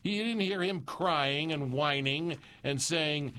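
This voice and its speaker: A man's voice: a little high, slow, bright, forceful tone, dry recording. A man co-hosting a casual radio chat, reading from old newspapers with wry asides. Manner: gruff, wry asides, trails off with "blah, blah". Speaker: radio co-host.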